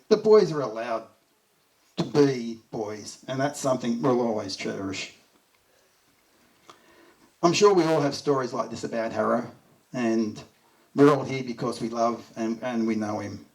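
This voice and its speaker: A middle-aged Australian man giving a heartfelt memorial speech, telling fond stories and chuckling as he goes. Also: mid-range voice. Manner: heartfelt storytelling, chuckles through anecdotes. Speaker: eulogy speaker. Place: memorial gathering. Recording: voice distant from the mic.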